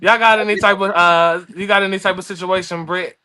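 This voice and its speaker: A man's voice: high-pitched, steady tone, a little fast, background noise. A man hosting a casual chat, loose and laughing, with profane banter. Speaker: host.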